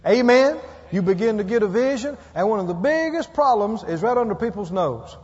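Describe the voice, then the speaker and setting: A man's voice: high voice, animated, brisk, a little mellow. A man preaching a sermon, emphatic and calling out for amens from his listeners. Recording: muffled roomy hall.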